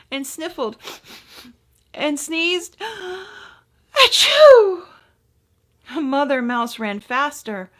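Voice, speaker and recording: A woman minister reading a children's story aloud to her congregation with expressive, gentle delivery. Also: on the high side.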